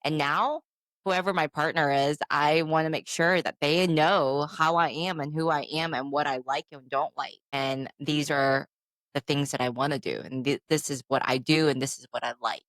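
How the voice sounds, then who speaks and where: Low-voiced woman in her forties, candid. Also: moderate pace, no echo. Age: 40s. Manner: open, animated storytelling with frequent "I'm like" asides. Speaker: podcast co-host. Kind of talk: candid casual chat.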